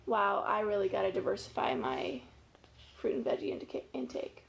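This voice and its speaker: A woman's voice: mid-range voice, sing-song, brisk, vocal fry. A woman, a family educator, reading a picture book aloud to children in a playful, chatty way, with gasps and laughs along the way.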